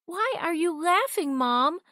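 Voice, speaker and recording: A woman's voice: very high voice, lively intonation, slow, sharp tone, no echo, studio quality, pitched above the performer's own voice, exaggerated voice. A woman voicing a caring young girl, a worried big sister, in a storybook reading. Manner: urgent, worried.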